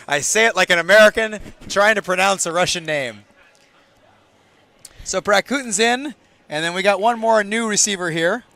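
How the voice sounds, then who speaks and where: A man calling a game from a commentary booth on a booth microphone, joking with his co-host and bursting loud on big plays. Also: sits high, measured pace, pauses often, no room sound. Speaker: sports commentator. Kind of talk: play-by-play commentary with banter.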